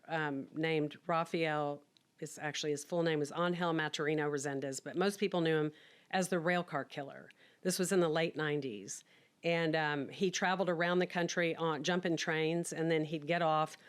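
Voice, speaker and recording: A woman's voice: low voice, smooth. A middle-aged woman frankly telling her personal story in a chatty, candid way, acting out bits of dialogue. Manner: frank and chatty, acts out quoted dialogue with laughs. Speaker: podcast guest telling her life story.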